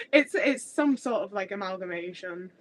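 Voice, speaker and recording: A woman's voice: mid-range voice, a little hiss or hum, low-quality recording. A woman in her thirties with a mixed Midlands and Scouse accent, chatting casually on a livestream from home and rambling with many restarts. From Stoke, English Midlands. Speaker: livestream host. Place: home kitchen area. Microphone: webcam mic, moving away while cooking.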